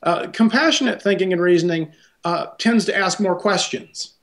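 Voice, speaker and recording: A man's voice: high-pitched, normal speed, a bit bright. A man, a psychologist guest, explaining ideas thoughtfully in an interview and often checking in with a tag question.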